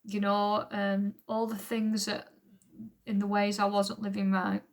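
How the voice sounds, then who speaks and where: Woman, church testimony to camera, gravelly, monotone, earnest and rambling. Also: mid-range voice, a little slow. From England. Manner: earnest, rambling, with frequent ums. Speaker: church member giving testimony. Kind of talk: unrehearsed personal testimony to camera. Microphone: camera recording at home.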